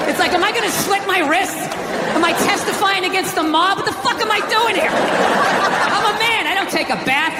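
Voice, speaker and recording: A man's voice: very high-pitched, heavy background noise. A man from the United States doing a stand-up set, sarcastic and profane, ranting at full tilt. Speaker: stand-up comedian. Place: stage in a large venue. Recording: live show in echoey hall, loud crowd laughter.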